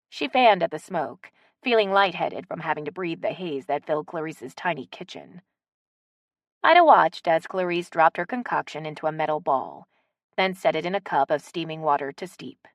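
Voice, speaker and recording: A woman reading a romance audiobook aloud in an expressive narrating style. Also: low-pitched, moderate pace, no echo. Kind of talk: scripted narration.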